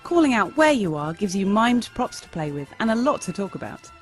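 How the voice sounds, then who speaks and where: A woman teaching improv comedy in a bright, demonstrative instructional narration. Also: mid-range voice, very animated, fairly quick, faint music behind. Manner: bright, demonstrative, sing-song.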